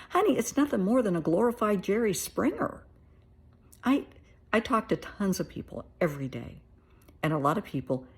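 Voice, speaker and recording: A woman's voice: sits low, vocal fry, darkish tone, husky. A middle-aged American woman therapist giving her blunt, plain-spoken opinions in a casual monologue. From United States.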